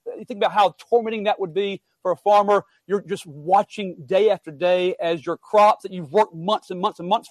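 A man preaching a sermon, earnest and emphatic, building up then dropping to quiet asides. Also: sits high, dry recording.

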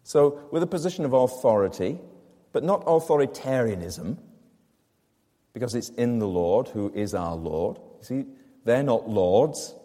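In a church with a long reverb tail, a man with a warm, mid-range voice preaches a sermon to his congregation, animated but unhurried. He explains a scripture passage using rhetorical questions and emphatic repetition.

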